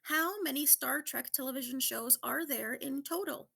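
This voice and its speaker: A woman hosting a casual podcast quiz, excitable and quick to laugh. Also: high-pitched, gravelly. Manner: excitable, laughs often, quizmaster. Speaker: podcast host running a quiz.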